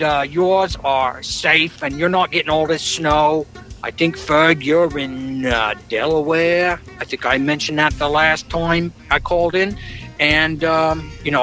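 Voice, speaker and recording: Guy calling into a podcast, kinda rambly and jokey, bright forceful voice, bit of music under it. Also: a little high. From New Jersey. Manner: rambling, jokey, deadpan boasting. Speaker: caller. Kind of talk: phoned-in voicemail monologue.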